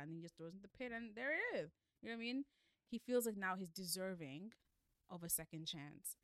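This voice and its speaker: A woman's voice: lowish voice, fairly quick, clean tone, dry recording. A woman in a casual chat recapping a novel with her co-host, laughing often and acting out the characters' lines. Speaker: book club podcast co-host.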